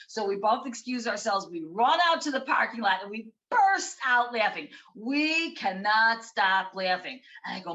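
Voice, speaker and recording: Animated woman telling a story, bright voice. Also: a little high, moderate pace, hardly any pauses, far from the mic, poor audio. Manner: animated, acts out quotes, laughs at herself. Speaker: interview guest, author. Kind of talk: storytelling in a casual interview.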